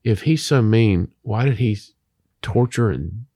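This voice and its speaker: A man's voice: on the low side, lively intonation, measured pace, warm tone, slightly rough, dry recording, clean studio sound. A man who is a Christian author, talking about faith in an emphatic, preacher-like way full of rhetorical questions.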